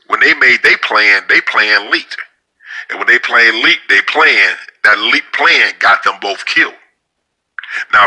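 A man with a very sharp, tense voice tells a story in a loose, casual monologue. He rambles and stumbles over repeated words, speaking bluntly and with strong profanity. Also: medium pitch, rough recording. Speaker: storyteller sharing opinions.

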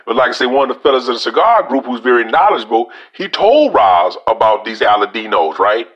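Louisiana man, folksy cigar reviewer, mid-pitched voice, chatty vlog delivery. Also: big pitch swings, fairly quick, muffled recording. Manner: folksy, talks straight to viewers as y'all.

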